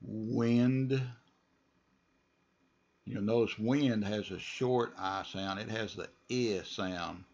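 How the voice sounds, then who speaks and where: A man leads a pronunciation lesson, drawing out each model word slowly so learners can repeat it. His voice sits low and carries a gravelly edge. The sound is dull and lo-fi. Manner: slow, deliberate model words, relaxed asides. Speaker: English pronunciation teacher.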